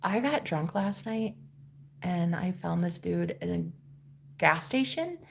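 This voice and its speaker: Sheepish young guy caught out, hushed and apologetic, as a woman mimics him. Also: lowish voice, lively intonation, takes it slowly, creaky, slight background noise, voice pushed down, full character voice. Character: sheepish young man explaining himself.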